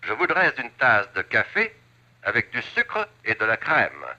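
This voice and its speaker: A man voicing a language record instructor, saying phrases slowly and deliberately. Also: on the high side, huge pitch swings, pushed and bright, heavily acted. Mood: instructive. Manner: slow, deliberate enunciation. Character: precise male French lesson record voice. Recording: dull old TV audio.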